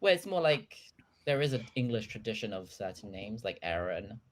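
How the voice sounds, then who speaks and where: A man's voice: mid-range voice, very animated, a little fast. A man on a podcast patiently explaining how names are pronounced, in casual chat with fillers. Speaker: podcast panelist explaining Hebrew pronunciation.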